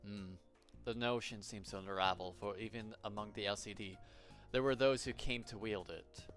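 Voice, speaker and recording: A man voicing a calm, detached scholar in a measured, formal delivery. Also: fairly low pitch, soft background music, natural voice.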